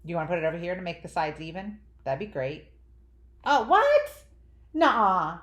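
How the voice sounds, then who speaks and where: A woman teaching young children a phonics lesson in an animated, drawn-out sing-song teacher voice. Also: low-pitched. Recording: echoey room.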